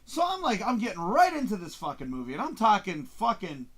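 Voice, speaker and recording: Excitable, high-voiced male show host. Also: brisk, breathy edge. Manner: excitable and profane, acts out his own reactions. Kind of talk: casual movie review chat on a live stream.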